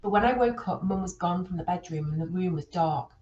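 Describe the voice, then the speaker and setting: A woman reading a children's novel aloud, with steady, expressive storytelling. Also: fairly low pitch, a little fast, reverberant, muffled recording. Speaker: reader.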